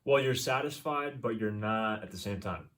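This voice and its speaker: A man's voice: on the low side, moderate pace, a bit bright, far from the mic. A young man co-hosting a podcast in an easygoing way, agreeing a lot as he chats. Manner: easygoing, lots of agreeing fillers. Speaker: podcast co-host. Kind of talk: casual chat.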